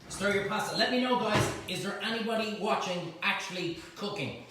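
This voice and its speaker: A man's voice: high-pitched, fairly quick. Chatty Irish man cooking in an echoey kitchen. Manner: chatty, teasing banter with helpers. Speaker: cooking show host. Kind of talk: live cooking demonstration. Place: home kitchen. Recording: echoey kitchen, mic at a distance, faint noise.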